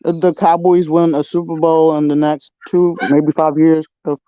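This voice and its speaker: Man, hesitant casual talker; smooth, mellow voice, lo-fi dry sound. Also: a little high, flat delivery, normal speed, dry recording. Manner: hesitant, many fillers. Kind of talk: casual chat.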